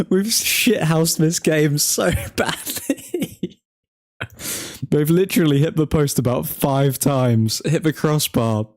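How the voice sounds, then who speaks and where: A man's voice: mid-range voice, a little mellow. A man hosting a football watchalong, reacting live to the match in chatty fan talk full of slang. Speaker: watchalong host.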